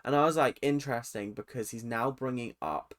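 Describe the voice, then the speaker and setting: A young man, a reaction vlogger, talks briskly in a medium-pitched, animated, slightly bright voice. Recapping a reality show episode on his vlog, he's opinionated and rambling, drifts into tangents, and sounds tired.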